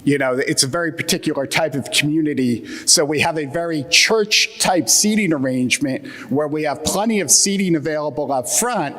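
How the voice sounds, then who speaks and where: A man's voice: on the high side, fairly quick, few pauses, pushed and bright. A man with a Mid-Atlantic American accent, from that region, giving a wry, joking conference talk with plenty of fillers. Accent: Atlantic Midland American. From US Atlantic Midland region. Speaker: conference keynote speaker. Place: conference hall with audience. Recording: reverberant hall.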